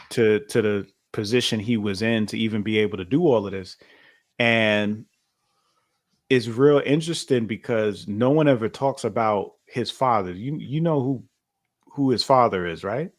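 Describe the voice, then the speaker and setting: Chatty man talking things through. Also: fairly low pitch. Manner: loose, conversational, many fillers and restarts. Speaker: podcast co-host. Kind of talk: casual chat.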